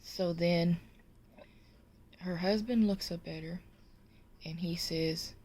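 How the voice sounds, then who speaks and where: Woman storyteller, low and unhurried, jokes to camera. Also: steady tone, dark tone. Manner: slow, drawn-out delivery. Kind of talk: telling a joke to camera.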